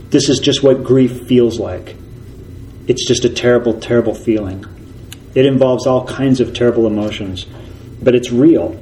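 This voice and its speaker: A male pastor delivering a sermon in an earnest, steady voice at a middling pitch. He leans on repetition to drive his points home. When he reads scripture, he slows to a measured pace. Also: a little hiss or hum, low-quality recording. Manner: earnest, repeats key phrases for emphasis.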